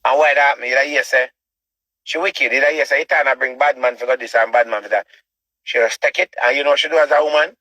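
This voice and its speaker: A man's voice: mid-range voice, fairly even intonation, quick pace, bright, forceful tone, no echo, rough recording. A man with a Jamaican accent ranting as a show host, preachy and repetitive and full of rhetorical questions. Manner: preachy, repeats himself, asks rhetorical questions. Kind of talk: ranting commentary.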